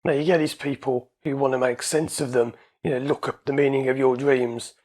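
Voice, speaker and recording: A man's voice: mid-range voice, fairly even intonation, brisk, darkish tone. A man, an anxiety coach and hypnotherapist, explaining his ideas in a casual, conversational way and repeating his points.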